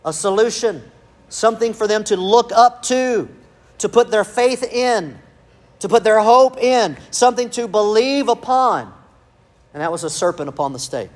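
A man's voice: sits high, expressive, normal speed. A male pastor, preaching a sermon with emphatic rhetorical questions and calls of amen.

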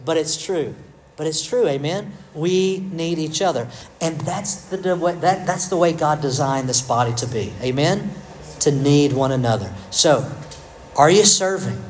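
Pastor guy, middle-aged, slightly high voice, chatty sermon, teasing himself. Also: expressive, a little slow, slight background noise, rough recording. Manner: conversational, self-deprecating, addresses the congregation by name.

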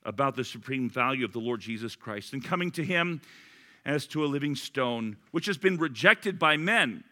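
A man's voice: mid-range voice, moderate pace. A man, a pastor, preaching a sermon and telling a personal story, acting out both sides of the conversation. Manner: animated storyteller, acts out both sides of a dialogue.

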